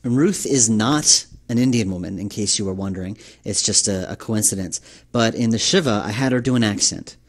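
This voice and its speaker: A game developer from New York giving a rambling commentary, full of fillers and restarts. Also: male voice, lowish voice, fairly quick.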